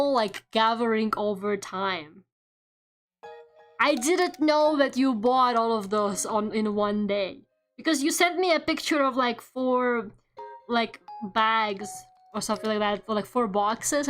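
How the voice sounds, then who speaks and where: A young woman streams as a VTuber and chats while drawing, her voice sitting a little high. She rambles playfully, fills her talk with "like" and swears casually. Faint music plays quietly under her voice.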